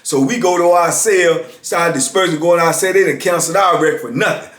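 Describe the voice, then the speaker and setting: A man's voice: a little high, a little fast, a bit bright, reverberant. A man casually telling a story from his years in prison, acting out voices of guards and inmates as he goes.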